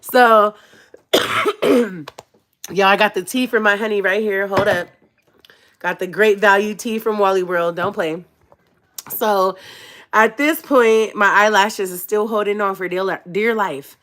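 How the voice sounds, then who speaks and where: A woman vlogger telling her viewers a personal story in a casual, animated way, full of slang and asides, laughing often and swinging between hushed and loud. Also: mid-range voice, a little slow, long pauses.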